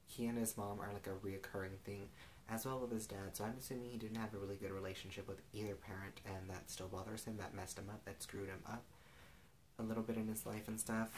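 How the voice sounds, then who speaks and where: Young male recapper, deep and flat, loose rambling delivery. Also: a little hiss or hum, low-quality recording. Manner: rambling, heavy use of "like" and "and stuff". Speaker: TV episode recapper.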